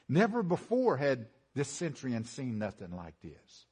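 A man preaching a sermon, swinging from rising, emphatic build-ups to hushed low lines and repeating phrases for emphasis. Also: very animated, measured pace, breathy edge.

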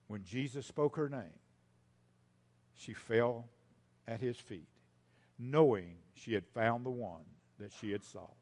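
Emphatic preacher man, mid-pitched. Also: slow pace, pauses often. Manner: emphatic, repeats key lines, swings from loud to hushed; speaks directly to the congregation as folks. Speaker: pastor. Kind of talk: sermon.

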